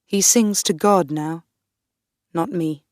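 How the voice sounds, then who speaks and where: A woman narrating a graded reader for learners in a slow, deliberate, clear reading. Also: fairly low pitch, darkish tone, dry recording, studio quality. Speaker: audiobook narrator.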